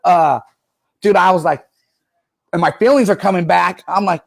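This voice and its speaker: A man's voice: sits high, moderate pace, vocal fry. A middle-aged man talking loosely and rambling, telling his recovery story in a casual interview. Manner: loose, rambling, says "dude" a lot. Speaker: guest, professional skateboarder.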